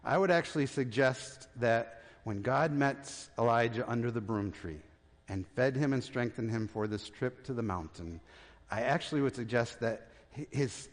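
Male pastor, sermon, conversational, hushes for tender points, mid-pitched, long hall reverb.

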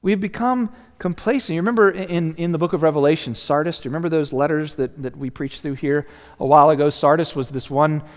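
A man's voice: fairly high pitch, fast talker. Earnest male pastor in a reverberant sanctuary. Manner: earnest, conversational, with many restarts and sudden soft drops. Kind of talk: sermon. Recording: long hall reverb.

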